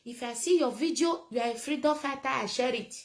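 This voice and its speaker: A woman with a Nigerian accent talks straight to camera in a casual political rant, her voice sitting a little high. She is blunt and emphatic and circles back to hammer the same points again. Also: a little fast, low-quality recording. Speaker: political commentator.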